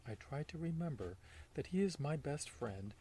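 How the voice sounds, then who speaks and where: A man reading a children's novel aloud as a volunteer, expressive and sometimes dropping to a whisper in tense moments. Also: a little high, moderate pace, slight background noise. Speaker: volunteer read-aloud reader.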